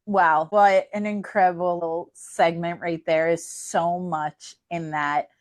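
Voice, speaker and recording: Heartfelt low-voiced woman hosting. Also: slow. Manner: heartfelt, animated. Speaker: podcast host. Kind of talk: casual podcast chat.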